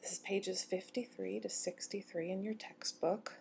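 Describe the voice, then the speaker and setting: A woman giving a recorded university lecture on grammar, explaining clearly and slowing down to read quoted lines. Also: medium pitch, steady tone, a little mellow, a little hiss or hum.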